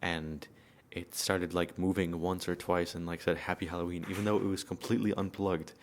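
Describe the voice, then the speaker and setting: A teenage boy on a youth radio team telling a story in a relaxed, halting way with many fillers. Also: low-pitched, a little hiss or hum. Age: teens. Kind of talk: casual storytelling.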